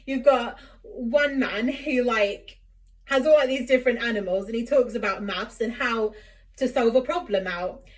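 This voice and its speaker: A woman's voice: fairly high pitch, normal speed. A woman chatting in a casual vlog, giggly and filling her talk with "like". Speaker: YouTuber.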